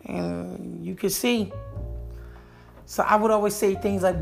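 Playful storytelling man, gravelly edge. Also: high-pitched, slow, long pauses, soft background music. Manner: animated, playful, jokey delivery. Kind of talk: comic personal storytelling.

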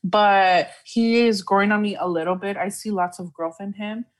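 A woman co-hosting a podcast in casual chat, talking in an excited, emotional way and laughing often. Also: mid-range voice, moderate pace. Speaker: podcast co-host.

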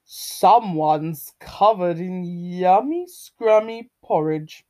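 A woman voicing a big, gruff father bear in a children's storybook, growling slowly. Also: fairly low pitch, dark tone. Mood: grumbling. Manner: growling, slow and heavy.

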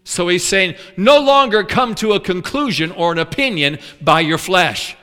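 A man preaching a sermon, animated, acting out the complaining voices of the people in his story. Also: sits high, normal speed, clean tone. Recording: long hall reverb.

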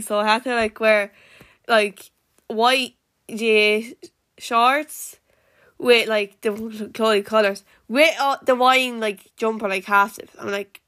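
Bright-voiced chatty Irish woman. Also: on the high side, fairly even intonation, a little slow, dry recording, clean studio sound. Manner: rambling, full of "like" fillers and restarts. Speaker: podcast host. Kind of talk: casual live-stream podcast chat.

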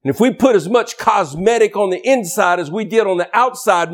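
A man preaching a sermon as pastor, swinging from loud shouted emphasis to quiet, low asides. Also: animated, a little fast.

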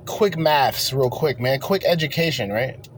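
A man's voice: mid-range voice, measured pace, slight background noise. A man hosting a reaction commentary, ranting in a profane, confrontational way. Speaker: commentary host.

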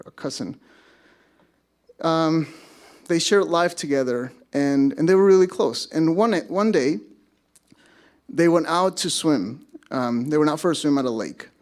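A man's voice: a little high, a little mellow. A man in his thirties from Mexico, a pastor giving a sermon as casual storytelling with self-deprecating humor.

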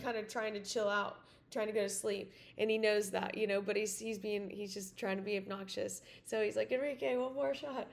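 A woman's voice: fairly high pitch, darkish tone. A woman hosting a podcast, telling a story in a casual, rambling way full of "like" and "you know.". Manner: chatty, full of "like" and "you know", many restarts. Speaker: podcast host.

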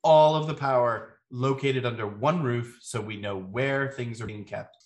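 A man's voice: medium pitch, unhurried, close to an everyday voice. Man voicing masked noblewoman, stubborn, arguing, echoey room. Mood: insistent. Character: hooded female lord, stubborn and argumentative.

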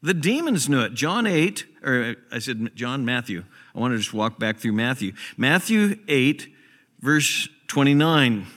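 A man's voice: medium pitch, very animated, measured pace, a bit bright, long reverb tail. A man preaching a sermon as a pastor, emphatic and repeating key phrases for stress. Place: church sanctuary.

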